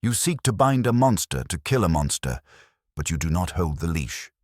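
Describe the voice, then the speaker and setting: A man voicing a brutal, stern Spartan warrior who talks in curt, flat commands. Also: sits low, moderate pace, dry recording, clean studio sound. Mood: cold, menacing.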